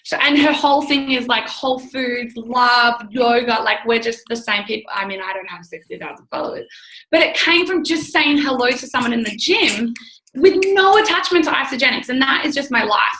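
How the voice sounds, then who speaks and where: Bubbly effusive woman in her twenties, bright higher voice, echoey room. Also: normal speed. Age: 20s. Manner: bubbly, effusive, acts out quoted talk. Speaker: guest entrepreneur. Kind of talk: casual call chat.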